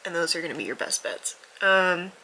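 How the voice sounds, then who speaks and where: A woman's voice: lowish voice, expressive, a little fast, bright, forceful tone, a little hiss or hum, low-quality recording. A young woman talking candidly to camera in a casual book vlog, her voice stuffy from crying, self-deprecating and swearing freely, sometimes dropping to a near-whisper. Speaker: book vlogger.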